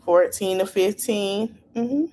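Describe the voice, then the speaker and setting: A woman's voice: mid-range voice, slow pace, dark tone, a little hiss or hum. Chatty woman hosting a livestream. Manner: chatty, talks straight to viewers with asides. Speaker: podcast host. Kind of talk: casual livestream commentary.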